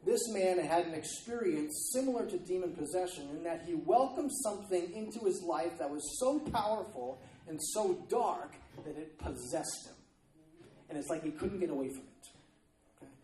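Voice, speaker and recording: A man's voice: high voice, expressive, normal speed, warm tone, echoey room, distant mic, a little hiss or hum, poor audio. A man preaching a sermon in a loose, conversational way, often stopping to check in with his listeners. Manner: conversational, repeats "okay?" to check in. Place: church.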